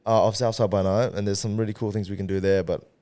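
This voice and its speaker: A man's voice: lowish voice, quick pace. A man in his thirties, a podcast guest talking casually and with energy, swearing freely and acting out what people say. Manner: animated, swears freely, acts out quoted voices. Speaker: podcast guest, event organizer and rapper. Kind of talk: casual conversational interview.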